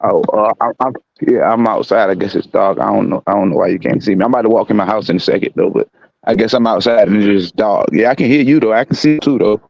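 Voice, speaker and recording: A man's voice: on the low side, fast talker, gravelly, a little mellow, dry recording, lo-fi sound. A man calling in from his parked car at night on a phone video call, speaking in a laid-back, hesitant, slangy way. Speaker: caller. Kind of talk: casual call-in chat.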